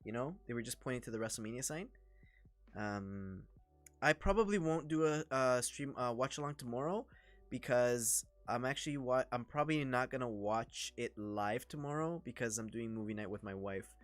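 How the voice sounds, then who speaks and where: Man, Toronto accent, casual livestream commentary, excitable, dry close sound, faint music behind. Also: medium pitch, moderate pace, no echo. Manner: chatty, excitable, reacts to the action. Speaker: livestream host. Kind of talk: casual watch-along commentary.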